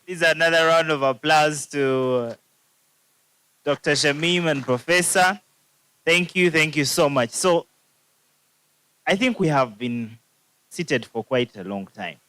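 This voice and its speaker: Slow-talking emcee. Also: male voice, a little high, bright, forceful tone, clean tone, no echo, poor audio. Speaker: master of ceremonies. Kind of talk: event announcing.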